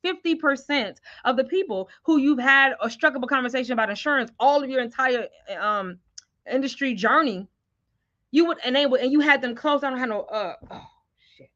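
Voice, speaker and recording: High, bright-voiced woman trainer, animated. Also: a little fast, dull audio. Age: middle-aged. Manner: animated, slangy, talks straight to the viewers. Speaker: sales trainer. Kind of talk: live webinar training.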